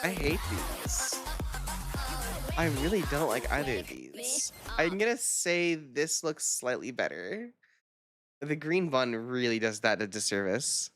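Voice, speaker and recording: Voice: medium pitch, big pitch swings, a bit bright. Profane, rambling vtuber over music. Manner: rambling, profane, quick reactions with laughter. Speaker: vtuber streamer. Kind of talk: casual live-stream chat. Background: background music.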